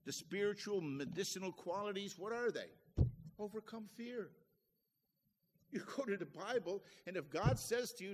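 Pastor, male, higher pitch, homely chatty preaching, recorded in a church with a long echo. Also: lively intonation, normal speed. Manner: folksy, conversational preaching with homely asides. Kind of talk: sermon.

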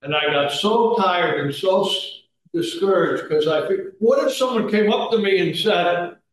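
A male pastor preaching a sermon, moving between quiet asides and raised, urging exhortation. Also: fairly high pitch. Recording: echoey room, mic at a distance.

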